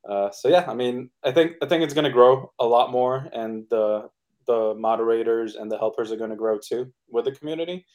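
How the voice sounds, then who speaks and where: A man in a casual podcast interview, speaking in a relaxed, upbeat way with lots of "uh" and "like". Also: medium pitch, brisk. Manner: relaxed, filler-heavy, upbeat. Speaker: NFT project co-founder guest.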